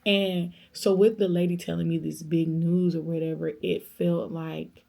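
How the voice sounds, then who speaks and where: Young woman vlogger, lower register, a bit of fry, casual animated storytelling. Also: moderate pace. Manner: animated storyteller, acts out quoted voices; faith-filled, speaks of God, conversational. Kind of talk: storytime vlog, casual chat.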